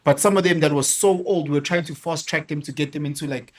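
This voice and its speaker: South african guy on a podcast, fairly high voice, chatty, throws in zulu words. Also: quick pace. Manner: animated storyteller, mixes in Zulu phrases. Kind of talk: casual podcast chat. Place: podcast studio.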